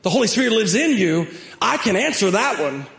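Pastor, male, high-pitched voice, animated sermon delivery with chatty asides to the room. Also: fairly quick, gravelly. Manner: animated, emphatic preaching that acts out prayers and climbs to shouts; conversational asides with the congregation.

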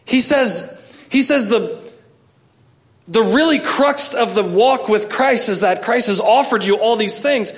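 A man's voice: high-pitched, unhurried. A middle-aged man, preaching a sermon and telling stories with self-mocking humor and acted-out asides. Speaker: pastor.

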